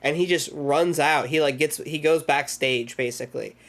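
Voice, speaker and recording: A man's voice: a little high, moderate pace, fairly bright tone. A man streaming live, casually recapping a horror movie with lots of swearing, loose rambling and acted-out quotes. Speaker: streamer hosting a movie club.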